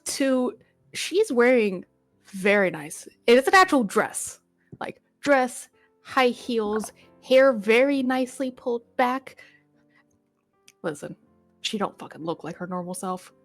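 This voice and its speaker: A woman's voice: a little high, expressive, takes it slowly, faint music behind. A woman playing a tabletop role-playing game, playful and swearing casually. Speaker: player.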